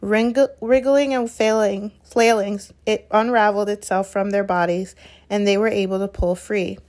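Woman, audiobook narration, steady, unhurried, mid pitch, small self-corrections. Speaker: reader. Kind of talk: reading a novel aloud.

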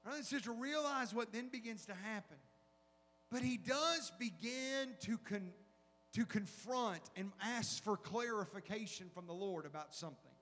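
A middle-aged man preaches in a very high voice for a man, animated, firing rhetorical questions at his listeners. His voice rings out with a long hall reverb. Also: moderate pace. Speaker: pastor. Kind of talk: sermon.

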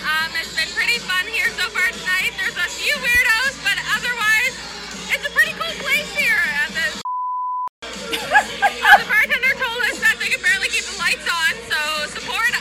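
A woman's voice: very high-pitched, expressive, moderate pace, sharp tone, soft background music, some chatter behind, low-quality recording. A woman friend speaking into a phone voice memo at a concert, bubbly and laughing between words. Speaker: friend interviewed. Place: concert venue bar.

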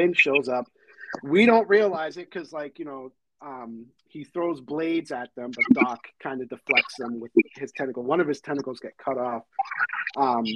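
A man hosting a podcast, excitedly retelling a film scene by scene in casual chat with lots of fillers. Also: fairly high pitch, rough recording. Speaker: podcast host. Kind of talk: casual movie recap chat.

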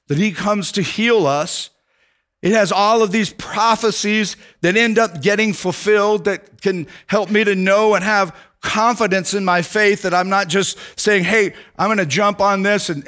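A man's voice: sits high, fairly bright tone. A middle-aged male pastor preaching a sermon in an earnest, emphatic way, rising and dropping for stress.

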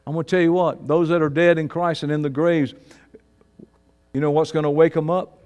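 A man preaches in a church sanctuary, his somewhat high voice carrying a long reverb off the walls. He swings from fervent, shouted declarations down to low, hushed emphasis. The delivery is a full sermon, not a chat. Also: flat delivery, fairly quick, smooth, highs cut off. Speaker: pastor. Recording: long reverb of a large hall.

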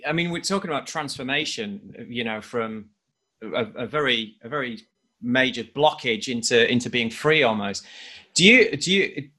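A man hosts a podcast interview, his voice bright and forceful. He asks questions in a hesitant way and often restarts them. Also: mid-range voice. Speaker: podcast host.

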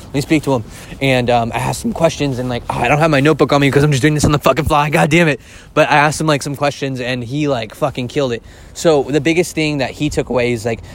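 A man hosting a casual solo podcast, rambling and excitable, swearing often and filling his talk with filler words. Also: mid-range voice, slight background noise. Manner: rambling and profane, heavy use of filler words; excitable, gushing. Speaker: podcast host.

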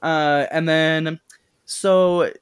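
A woman's voice: low-pitched, steady tone, very slow, clear, resonant tone. A young woman casually retelling a movie plot as a podcast guest, chatty and giggly, acting out the characters' lines. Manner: chatty, giggly, acts out quotes in voices.

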